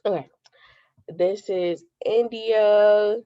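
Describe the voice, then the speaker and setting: A young woman rehearsing a podcast intro, unsure and halting, stopping to ask questions. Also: mid-range voice, steady tone, dry recording, lo-fi sound. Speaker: podcast student.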